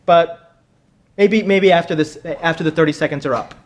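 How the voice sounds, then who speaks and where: A man with a somewhat high voice hosts a quiz for a room full of people. He is chatty and jokey, doubling back on his words as he goes. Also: normal speed. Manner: joking, chatty, repeats himself. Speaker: quiz host. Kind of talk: live conference pub quiz hosting. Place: conference room with audience.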